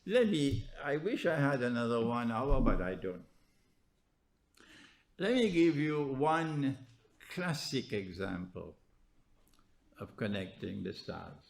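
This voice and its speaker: A man giving a religious lecture, prodding his listeners with rhetorical questions and a teasing "huh?", delivered in an animated, emphatic way. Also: medium pitch, takes it slowly, creaky, long pauses. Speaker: Islamic scholar lecturing.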